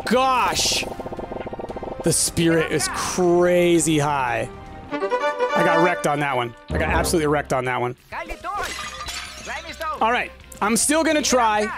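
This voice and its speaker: A man narrating his own game playthrough in a let's-play style. He is excitable and self-deprecating, talks straight to his viewers and often breaks into frustrated yelps. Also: sits high. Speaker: gaming commentator. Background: game music.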